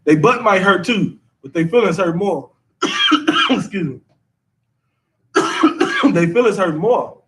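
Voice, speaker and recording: High-voiced man teaching scripture. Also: big pitch swings, slow, long pauses, far from the mic, noisy background. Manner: conversational, repeats himself, drawling slang.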